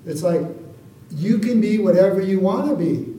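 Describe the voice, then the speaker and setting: A man's voice: high-pitched, lively intonation, moderate pace, warm tone. A man preaching a sermon in a conversational way, often asking the congregation for an amen. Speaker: pastor. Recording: echoey room, voice from far off the mic.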